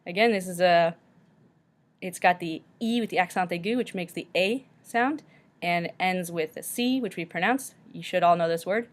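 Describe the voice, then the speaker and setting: Careful woman teaching French. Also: on the low side. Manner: slow and careful, repeating each word. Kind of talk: recorded classroom lesson.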